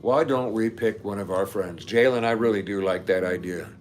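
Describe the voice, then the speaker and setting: A man's voice: on the low side, moderate pace, faint music behind. A man hosting a casual livestream, chatting with viewers. He rambles into nerdy asides and laughs often. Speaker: livestream host reading viewer comments. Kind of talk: casual live-stream chat.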